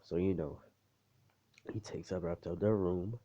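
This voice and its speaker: A man's voice: sits low, fairly even intonation, measured pace, mellow, muffled recording. A man telling a fan story in a rambling, profane, casual way, full of fillers.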